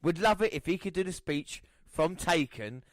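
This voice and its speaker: A man's voice: on the high side, lively intonation, normal speed, no echo, studio quality. A man hosting a podcast, upbeat and steering the conversation. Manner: upbeat, runs the show. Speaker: podcast host. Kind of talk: casual chat.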